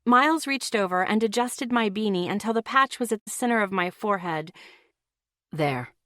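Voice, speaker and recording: A woman's voice: mid-range voice, fairly quick, sharp tone, dry recording, clean studio sound. A woman reading a first-person audiobook in a casual, lightly wry tone. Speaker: audiobook narrator.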